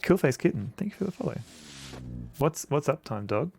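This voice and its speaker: A man's voice: a little high, big pitch swings, a little fast, gravelly, a little mellow, slight background noise. An Australian man streaming an old adventure game, joking around and reading the game's text aloud into a desk mic. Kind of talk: casual let's-play commentary.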